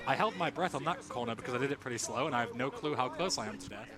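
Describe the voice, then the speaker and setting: A man's voice: medium pitch, rapid-fire. A young English man casually commentating his own game speedrun for a live audience, chatty and joking. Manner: chatty, relaxed, jokes with the audience. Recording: noisy event stream audio.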